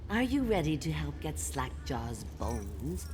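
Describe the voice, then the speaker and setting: A woman voicing a creepy old witch who speaks slowly with sweet menace. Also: low voice, very animated, exaggerated voice. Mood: coaxing. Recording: game audio with ambient noise.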